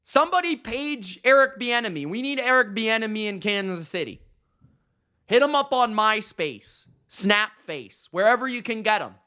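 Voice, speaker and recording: A man's voice: high-pitched, animated, moderate pace, sharp tone, smooth. Exasperated man ranting about football. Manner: exasperated, sarcastic, slangy. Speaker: podcast host. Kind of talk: ranting sports commentary.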